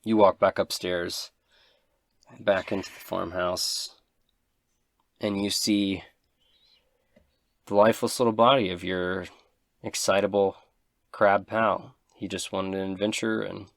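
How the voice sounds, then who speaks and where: A man acting as game master, narrating a tabletop game in a steady, descriptive way. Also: sits low, takes it slowly, creaky, long pauses, no room sound, clean studio sound.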